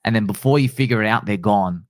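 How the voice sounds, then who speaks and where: A male host chatting casually, excitable and slangy, acting out what others say. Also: fairly low pitch, fast, no room sound, studio quality. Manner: excitable, slangy, acts out quotes. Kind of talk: casual chat.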